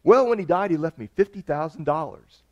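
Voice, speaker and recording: A man voicing a down-home fellow excitedly telling a tall tale in a sermon joke. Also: a little high, a little fast, no echo, close to an everyday voice. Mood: eager. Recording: dull lo-fi recording.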